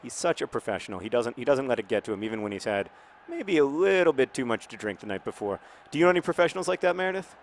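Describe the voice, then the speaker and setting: A man in his thirties hosting a game video in casual commentary, rambling and jokey, with sudden shouted outbursts. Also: mid-range voice, very animated, fast talker. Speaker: game host.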